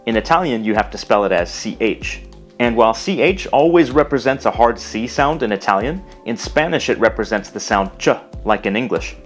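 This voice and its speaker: A man narrating a scripted language lesson, explaining carefully and slowing down to pronounce example words. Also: medium pitch, expressive, faint music behind. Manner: measured, explanatory, slows to pronounce foreign words. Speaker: language teacher.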